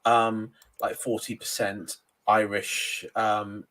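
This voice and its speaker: A man from Cornwall with a middle-class English accent, chatting as a podcast guest and pausing often with ums and uhs. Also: fairly low pitch, little pitch movement, a bit bright. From Cornwall, England. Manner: hesitant, lots of ums and uhs. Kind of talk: casual podcast chat.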